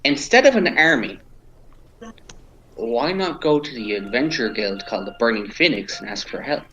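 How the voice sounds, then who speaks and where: A man's voice: mid-range voice, very animated, normal speed, pushed and bright, muffled recording, a little hiss or hum. A man playing his character in a tabletop game, earnest and hesitant, often stammering. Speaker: player.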